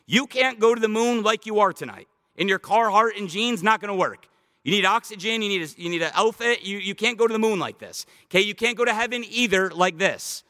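A man preaching a sermon as pastor, animated, slowing down to stress scripture quotes. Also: sits high, in a large hall.

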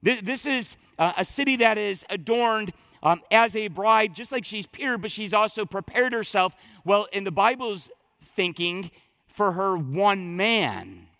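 A male pastor delivers a sermon in a high, bright voice, talking casually and restarting phrases as he goes. The sound is dry and close, with little room around it. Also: animated, measured pace, vocal fry, no room sound. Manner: conversational preaching with frequent restarts and asides.

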